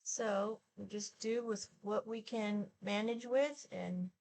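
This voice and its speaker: A woman's voice: mid-range voice, steady tone, vocal fry, a little mellow, a little hiss or hum. A woman in her sixties chatting casually while she applies her makeup for a get-ready-with-me video. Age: 60s. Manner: slow, chatty, talks while applying makeup. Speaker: beauty vlogger.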